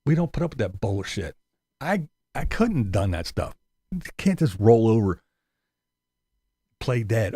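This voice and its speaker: Swearing man ranting at his haters, pitch jumping all over, dry close sound. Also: very animated, unhurried, pauses often, mellow, breathy edge, no room sound. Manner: profane ranting with mocking high-pitched impressions. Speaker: YouTuber. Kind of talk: angry ranting vlog.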